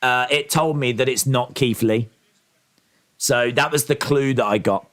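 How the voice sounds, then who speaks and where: A man's voice: mid-range voice, measured pace, a bit bright. A man from England with an English accent, hosting a casual wrestling watch-along stream, calling the action and reading viewer comments aloud.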